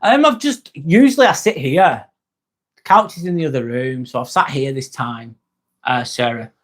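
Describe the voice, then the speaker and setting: A man's voice: mid-range voice, moderate pace. A man, chatting bluntly and casually with viewers on a livestream, full of "um" and "mate". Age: 40s. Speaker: livestream host and nurse.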